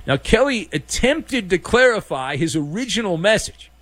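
A man's voice: high voice, moderate pace, dry recording. A man hosting a daily sports talk show, giving sarcastic, jokey opinion commentary. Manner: sarcastic, animated, jokey riffs.

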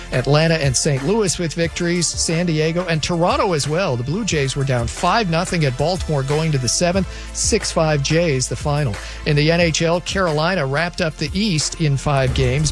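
A man with a slightly high voice reads a scripted sports news update. He reels off scores in a brisk, crisp way, with faint music under him.

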